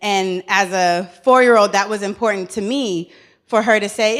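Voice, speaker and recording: A woman's voice: medium pitch, moderate pace. Earnest woman giving a conference speech. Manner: earnest, warm storytelling with humor and repeated words. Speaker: conference speaker. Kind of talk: personal keynote speech.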